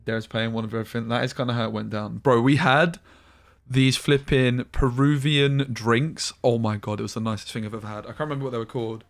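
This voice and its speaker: A young man chats during a gameplay stream, drifting through rambling anecdotes with slang and an occasional swear word. His voice is gravelly and medium-pitched, steady in tone, and he talks briskly.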